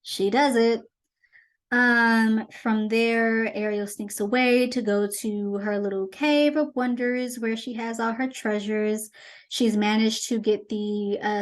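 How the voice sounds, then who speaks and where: A woman hosts her own commentary show, speaking in a slightly high voice. She is chatty and animated as she retells a movie in a casual, conversational way. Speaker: host.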